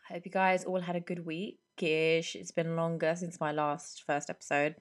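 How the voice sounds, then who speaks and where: A young woman in her twenties, hoarse from a cold, chatting casually and rambling on her solo podcast into a microphone. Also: sits low, little pitch movement, moderate pace. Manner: rambling and chatty, many fillers. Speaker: podcast host.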